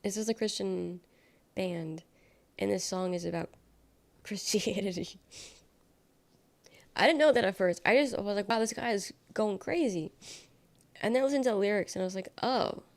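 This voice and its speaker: Gravelly-voiced woman chatting on a livestream. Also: mid-range voice, moderate pace, pauses often. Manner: rambling, sarcastic, reacts to chat. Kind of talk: casual chat reading viewer comments.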